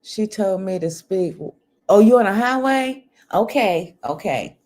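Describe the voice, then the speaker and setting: Older woman, home livestream host; unhurried delivery with lively pitch swings. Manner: chatty, animated, laughs often; talks softly at times. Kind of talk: casual chat with viewers. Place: home, indoors. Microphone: computer microphone.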